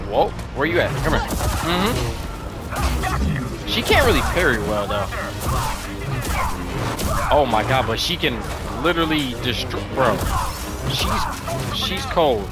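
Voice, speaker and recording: A young man giving live, excitable commentary over a video game, swinging between frustration and amazement. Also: mid-range voice, takes it slowly, pauses often, over loud music. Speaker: gaming commentator.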